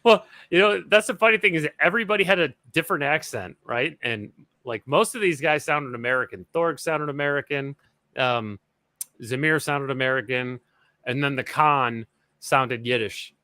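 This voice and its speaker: Man hosting a movie podcast, bright, dry close sound, laughs a lot. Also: medium pitch, moderate pace, no echo. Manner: joking, laughs often. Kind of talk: casual movie-review chat.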